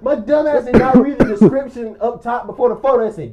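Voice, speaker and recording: A man's voice: extremely high pitch, lively intonation, quick pace, crowd noise. A young man telling a long, rambling story in casual chat, often breaking into laughter. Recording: muffled lo-fi recording.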